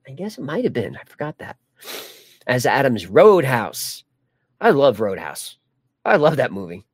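A man's voice: mid-range voice, sing-song, a little slow, breathy edge, no room sound. A man hosting a live stream, chatting casually and joking while reading viewer comments. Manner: rambling, jokey, many restarts. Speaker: livestream host.

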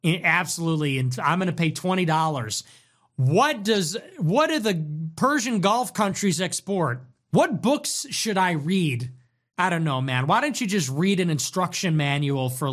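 A man hosting a livestream, reacting to chat messages in a sarcastic, mocking way with quick swings in tone. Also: on the high side, animated, fairly bright tone. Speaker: livestream host.

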